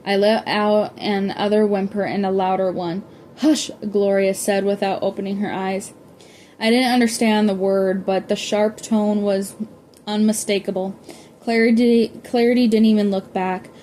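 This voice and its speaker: A woman's voice: medium pitch, steady tone, moderate pace, dark tone, slight background noise. A woman reading a novel aloud, often stumbling and correcting herself as she goes. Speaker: audiobook reader.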